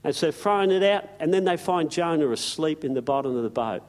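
A man's voice: on the high side, brisk. A man preaching a sermon, telling the story in a folksy, emphatic way with slang and asides.

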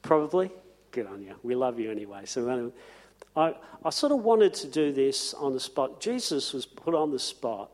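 A man preaching a sermon in a church, conversational and warm in his asides, repeating phrases for emphasis. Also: medium pitch, lively intonation, normal speed, big-room sound. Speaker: pastor.

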